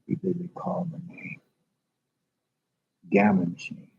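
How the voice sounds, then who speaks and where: A man's voice: high voice, sing-song, takes it slowly, creaky, noisy background. A man in a public library rambling emotionally and confessionally on a livestream to his viewers. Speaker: vlogger. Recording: dull lo-fi livestream audio.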